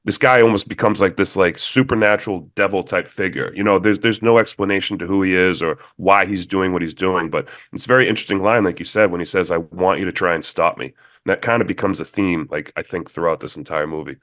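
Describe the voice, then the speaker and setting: Male podcast co-host, low voice, relaxed filler-heavy chat, dry close mic. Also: fast, no room sound. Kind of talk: casual movie review chat.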